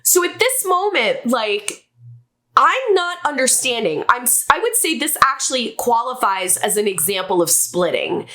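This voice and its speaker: Slow-talking bright-voiced woman storyteller. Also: a little high, very animated. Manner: candid, self-reflective, wry. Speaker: vlogger telling a personal story. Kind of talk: candid storytelling.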